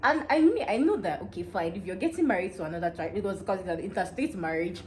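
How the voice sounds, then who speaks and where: This is a young woman with a Nigerian accent, recounting a personal story for her vlog audience. She speaks at a rapid clip in a mid-range voice, animated and excitable. A faint hum of room ambience sits under her voice. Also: medium pitch. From Nigeria, Delta State. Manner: animated and excitable, breaks into laughter. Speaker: vlogger. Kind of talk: casual storytelling gist.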